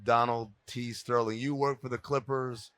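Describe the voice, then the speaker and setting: A man's voice: mid-range voice, fairly even intonation, moderate pace, a bit bright, dry recording. Man hosting a casual interview. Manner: joking, prompting questions. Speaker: podcast host.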